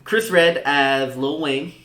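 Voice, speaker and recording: A young man co-hosting a podcast, chatting casually with frequent laughs and halting restarts. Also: fairly high pitch, sharp tone, reverberant. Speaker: podcast co-host. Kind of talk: casual chat.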